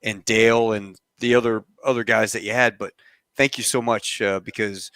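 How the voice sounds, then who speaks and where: A man's voice: on the low side, steady tone, moderate pace, a bit bright, smooth, no echo. A man hosting a casual video call chat, laughing often and rambling loosely. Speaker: show host. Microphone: home computer mic on a video call.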